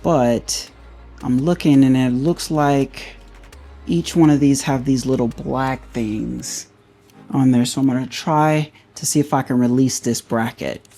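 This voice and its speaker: Mellow man talking through a repair. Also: medium pitch, steady tone, measured pace, soft background music. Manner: thinks aloud while working, loose and conversational. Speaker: car DIY reviewer. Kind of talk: casual hands-on walkthrough.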